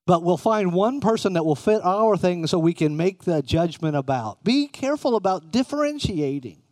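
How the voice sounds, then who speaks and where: A man's voice: sits high, darkish tone, no echo, studio quality. A middle-aged man preaching a conversational sermon, often putting questions to his listeners. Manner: conversational, asks the room questions.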